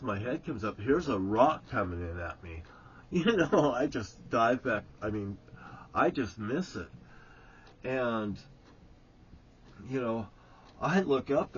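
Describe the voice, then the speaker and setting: A man's voice: mid-range voice, highs cut off, slight background noise. Rambling, profane male storyteller. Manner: rambling, profane, breaks into chuckles. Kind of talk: casual spoken storytelling.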